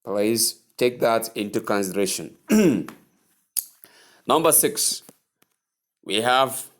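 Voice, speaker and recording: A man teaching English pronunciation, repeating each word slowly and carefully. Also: mid-range voice, lively intonation. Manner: repeats words slowly, drawn-out emphasis. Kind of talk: slow spoken lesson.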